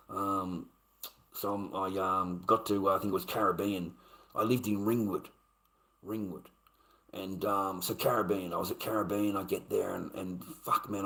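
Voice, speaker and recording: Man telling a story, swearing heavily. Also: lowish voice. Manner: swears constantly, gets loud and heated reliving anger. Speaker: streamer. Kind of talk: profane casual storytelling.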